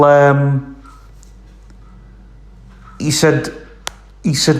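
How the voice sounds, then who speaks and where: A man's voice: medium pitch, flat delivery, drawn-out words, long pauses, roomy sound. A man telling a long casual story, rambling with lots of ums and "I says". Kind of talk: casual spoken anecdote.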